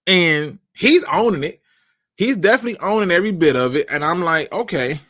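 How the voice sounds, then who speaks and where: A man hosting a live sports talk stream, chatting casually with slang and repeated starts, giving shout-outs and opinions. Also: high-pitched, lively intonation, fairly quick, no room sound, studio quality. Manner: conversational, repeats himself, uses slang. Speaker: podcast host.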